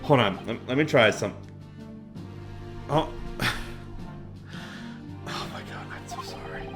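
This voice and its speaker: A man's voice: mid-range voice, animated, slow, long pauses. A man hosting a blind let's play, chatting casually and apologizing for his character voices. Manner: self-deprecating, apologetic. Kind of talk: casual gameplay commentary. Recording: faint game music underneath.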